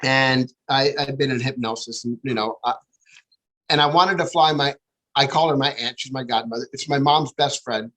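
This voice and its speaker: A middle-aged man, a guest, telling a personal story with lively acted-out dialogue. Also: mid-range voice, moderate pace, rough recording. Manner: animated, acts out quoted dialogue. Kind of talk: storytelling interview.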